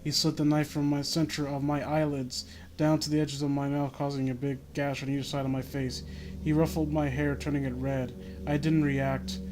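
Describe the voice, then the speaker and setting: A man's voice: on the high side, level tone, normal speed. A man reading an amateur horror story in the first person, breaking off for wry offhand asides. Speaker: reader of a horror fan story. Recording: noisy home recording.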